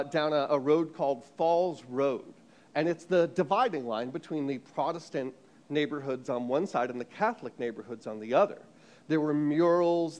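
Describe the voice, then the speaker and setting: A man from the United States preaching an animated sermon, telling a story with frequent restarts and repeated words. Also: fairly high pitch.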